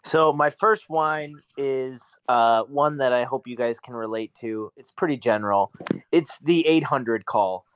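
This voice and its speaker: A man co-hosting a podcast in casual chat, relaxed and swearing casually, laughing often. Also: mid-range voice, measured pace, clear, resonant tone, no echo. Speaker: podcast co-host.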